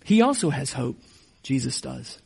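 A man preaching a sermon as pastor, moving between emphatic passages and hushed, slow reflection. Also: mid-range voice, big pitch swings, gravelly, breathy edge, big-room sound.

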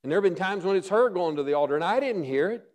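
A middle-aged male pastor preaching a sermon, earnest, often dropping to a hush for emphasis. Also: sits high, lively intonation, fast talker.

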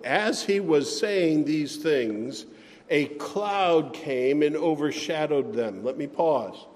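A man preaching a sermon as pastor, speaking slowly and deliberately and giving scripture readings extra weight. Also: mid-range voice, a little mellow, big-room sound.

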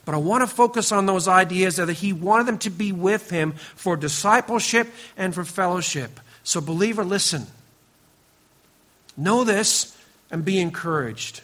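Bright, high-voiced man preaching earnestly. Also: normal speed, hardly any pauses. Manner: earnest, emphatic preaching with frequent drops to a quiet, low voice; speaks directly to the congregation, teasing members by name. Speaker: pastor. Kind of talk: sermon.

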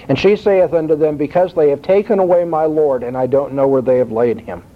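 A man preaching a sermon, quoting scripture and climbing in pitch to stress his points. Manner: expressive, rising emphasis when quoting scripture. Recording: dull lo-fi recording.

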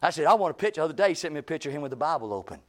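Animated preacher man. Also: a little high, rapid-fire. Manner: animated, acts out quoted speech with rising intensity. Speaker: pastor. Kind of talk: sermon storytelling.

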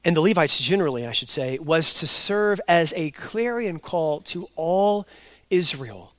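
High-voiced man preaching emphatically. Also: expressive, no room sound. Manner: emphatic, swinging between loud stresses and quiet asides; explains slowly and repeats key points. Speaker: pastor. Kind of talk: expository sermon.

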